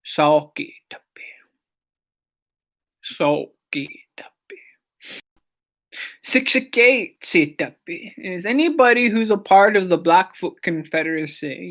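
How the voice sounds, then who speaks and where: An unhurried teacher in the middle of a language lesson, saying each word over and over for learners. Some repeats come out softly or as a whisper, and the explanations of stress and meaning stay patient and plain. The voice sits at an ordinary middle pitch. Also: animated. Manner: says each word several times slowly, sometimes softly or in a whisper; explains pronunciation patiently with short asides.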